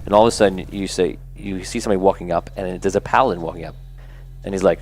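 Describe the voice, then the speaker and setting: A man's voice: low voice, steady tone, fast talker, darkish tone. A man narrating a tabletop game as game master, rambling with lots of fillers. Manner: rambling, filler-heavy, laughing.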